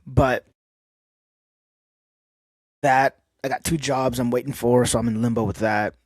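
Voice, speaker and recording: The podcast host here has a medium-pitched, steady voice and a measured pace, recorded without echo. Alone on his show, he chats openly in a rambling, easygoing way with many fillers.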